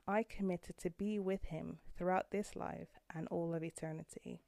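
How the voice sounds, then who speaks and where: A woman in her thirties talks earnestly into her podcast mic from a room at home, her voice low, warm and gravelly with fry. The sound is dry and close, with no room echo. She speaks with open feeling that at times turns emotional. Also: fairly even intonation, normal speed. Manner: heartfelt and earnest, gets emotional. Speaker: podcast host. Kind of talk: personal podcast monologue.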